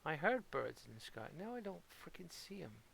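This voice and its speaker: A man's voice: fairly high pitch, very animated, moderate pace, vocal fry, fairly bright tone, a little hiss or hum. A man from Portsmouth with a local English accent, rambling playfully and mocking himself as he streams a game at home. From Portsmouth, England. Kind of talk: casual live-stream commentary.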